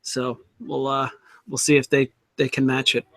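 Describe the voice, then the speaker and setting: A man co-hosting a casual sports podcast, talking in a halting way with frequent restarts. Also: medium pitch, little pitch movement, fairly bright tone, no echo. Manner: halting, restarts words often. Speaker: podcast co-host.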